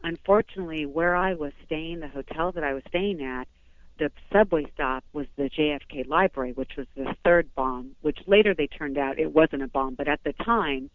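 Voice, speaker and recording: A woman's voice: low-pitched, moderate pace, dry recording. A woman from Southern California, a phone-in guest, giving an emotional first-person account in a rambling, breathless way with many restarts. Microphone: telephone. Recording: tinny phone line.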